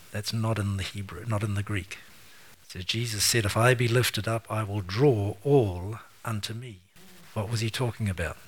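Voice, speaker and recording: A man preaching a sermon, reading scripture aloud slowly and forcefully, then explaining it in quick, casual asides with light chuckles. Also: fairly low pitch, slightly rough. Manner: chuckles between points. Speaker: pastor.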